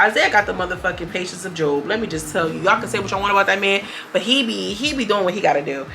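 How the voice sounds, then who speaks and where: Blunt, animated woman with a bright voice. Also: mid-range voice, fast, few pauses, soft background music. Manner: animated, blunt and profane, jumps into quoted voices. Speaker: reality TV reviewer. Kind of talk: casual review commentary.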